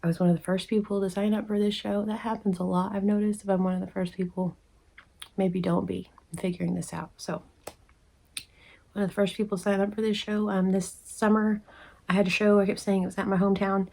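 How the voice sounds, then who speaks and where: A woman's voice: little pitch movement, brisk, gravelly, dark tone. A woman telling a casual storytime to the camera, chatty and acting out the people she quotes. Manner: chatty, acts out quoted people with pitch jumps. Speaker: crochet vlogger. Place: indoors at home, rain outside.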